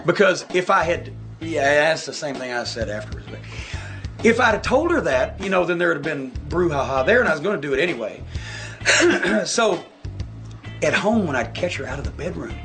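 A man telling a long, profane anecdote in a casual interview, animated and full of asides. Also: on the high side, brisk, soft background music. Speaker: guest telling a story. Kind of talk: casual storytelling.

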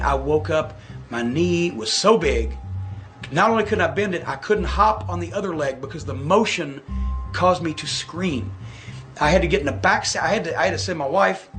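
A man telling a long, profane anecdote in a casual interview, animated and full of asides. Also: fairly high pitch. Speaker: guest telling a story. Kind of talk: casual storytelling.

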